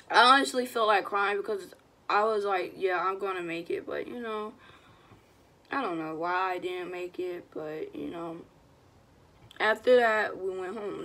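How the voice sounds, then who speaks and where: A young woman, telling a storytime vlog in a slangy, animated, casual way and quoting what people said. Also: medium pitch, normal speed. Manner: animated, slangy retelling with quoted voices. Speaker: vlogger.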